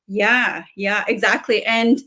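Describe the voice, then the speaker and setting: A woman's voice: medium pitch, steady tone, slow, pushed and bright. A woman coach as a guest in a casual interview chat, reflective and thinking aloud with many fillers.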